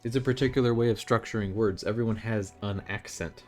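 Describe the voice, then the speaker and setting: A man's voice: fairly low pitch, fairly even intonation, fairly quick, a little mellow, soft background music. A young man chatting casually on a live stream while playing a game, rambling and opinionated, with frequent restarts.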